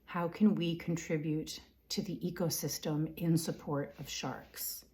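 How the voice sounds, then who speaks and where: A woman giving a live spiritual reading, relaying impressions in halting, repetitive phrases, often whispering her questions softly to herself and clearing her throat. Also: low voice, fairly even intonation. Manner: frequent fillers and throat-clearing. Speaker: intuitive reader.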